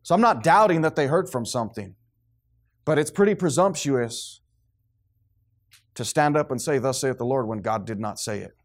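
A man's voice: mid-range voice, moderate pace, long pauses. A man preaching a sermon to a congregation, acting out the voices of the people he quotes. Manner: animated, acts out quoted voices, responsive amens from congregation.

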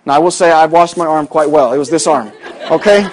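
Folksy male preacher, higher voice. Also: fast talker, darkish tone, a faint crowd. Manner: folksy, rambling storytelling with many fillers. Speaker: pastor. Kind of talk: sermon with personal story.

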